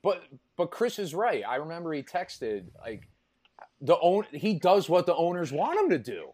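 Lively, joking man with expressive pitch. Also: normal speed. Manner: joking, lively, hesitant restarts. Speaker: podcast guest. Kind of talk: casual sports chat.

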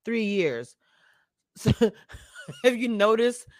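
A woman's voice: a little high, sing-song, takes it slowly, no room sound, studio quality. A woman hosting a casual live stream, chatting straight to her viewers and laughing often as she talks. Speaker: live-stream show reviewer.

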